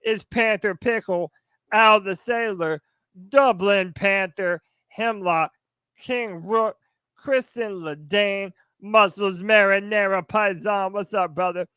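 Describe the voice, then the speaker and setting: Guy cohost hyping up the show, smooth clear voice, dry sound. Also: sits high, takes it slowly, no room sound. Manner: energetic, hype, shouting out fans. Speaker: podcast co-host. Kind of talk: hype sports podcast talk.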